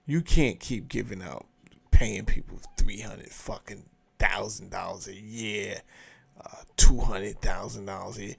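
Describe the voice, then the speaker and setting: A man's voice: lowish voice, unhurried, creaky, husky. A man hosting his own show, giving blunt, profane, emphatic commentary in a casual rant. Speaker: show host commenting on a clip.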